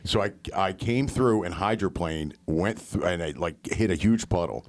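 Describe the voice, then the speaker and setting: A man's voice: deep voice, normal speed. A man co-hosting a comedy podcast, telling stories in casual banter with frequent asides and swearing. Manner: swears freely, tells stories with lots of asides. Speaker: podcast co-host.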